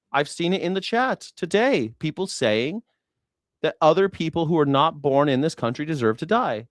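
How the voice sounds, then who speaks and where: A man tears into his audience in a heated livestream rant, looping the same jabs and swearing freely. His voice sits a touch high and the sound is dry, with no room around it. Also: no room sound. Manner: profane, repetitive, shouting tirades. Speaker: livestream host.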